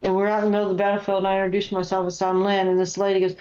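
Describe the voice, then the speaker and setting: An American woman tells stories in relaxed conversation, acting out the voices she remembers. Her voice is mid-pitched. The recording is echoey and a little dull. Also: very fast, a little hiss or hum. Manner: animated storyteller, acts out voices. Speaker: guest paranormal investigator. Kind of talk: casual chat.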